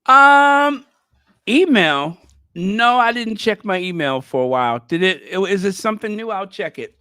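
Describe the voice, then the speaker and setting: Here a male channel host speaks in an unhurried, expressive way, with a high voice that sounds pushed, bright, and smooth. He's doing casual live reaction commentary, musing aloud and addressing his audience directly.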